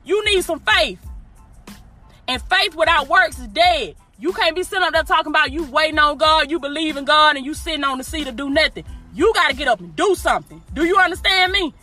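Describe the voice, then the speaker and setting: A woman with a high, bright voice preaches in a loose, emphatic style, hammering her points through repetition. She talks directly to her listeners as if they were in the room, with faint music playing behind her. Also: lively intonation, brisk. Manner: emphatic, repeats phrases, addresses listeners directly with y'all and baby. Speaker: motivational preacher. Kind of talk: informal preaching.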